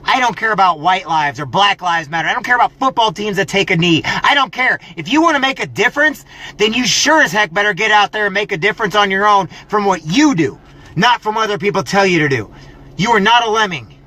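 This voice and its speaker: High, bright-voiced man giving a scolding pep talk. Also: lively intonation, brisk. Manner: preachy, scolding, mocks excuses in whiny voices. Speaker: motivational vlogger.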